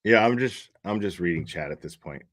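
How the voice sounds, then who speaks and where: A man's voice: sits low, animated, fairly quick, a bit bright. A man hosting a casual livestream, chatting, swearing freely and thanking viewers by name. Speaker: livestream host.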